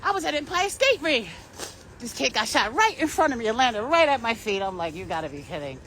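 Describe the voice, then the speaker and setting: A high-voiced woman talks straight to her viewers in a long, rambling monologue, swearing freely as she goes. Her pitch leaps and swoops wildly from line to line. Faint vehicle noise hums behind her. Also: brisk. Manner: profane, intense and animated, with sudden shifts. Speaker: vlogger.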